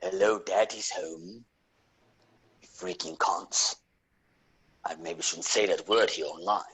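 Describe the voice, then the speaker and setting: A man doing a deep-voiced British impression of a gruff, crude tough guy. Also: fairly even intonation, takes it slowly, a bit bright, full character voice. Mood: menacing. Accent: British put-on.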